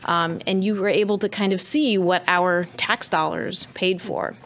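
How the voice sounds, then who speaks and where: Woman, town councilor, upbeat, frequent ums, fairly low voice. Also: steady tone, a little slow, fairly bright tone. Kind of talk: council remarks.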